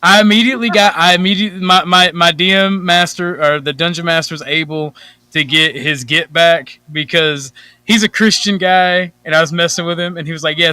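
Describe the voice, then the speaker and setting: A man chats casually on an online panel, telling lively anecdotes and laughing as he goes. His voice is bright and crisp and sits a bit high. The sound is dry and close. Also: no room sound. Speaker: panel guest. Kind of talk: casual chat.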